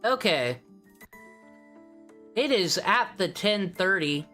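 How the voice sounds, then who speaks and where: A woman's voice: medium pitch, expressive, slow pace, sharp tone, faint music behind. A woman streamer chatting casually, wry and rambling, swearing offhandedly.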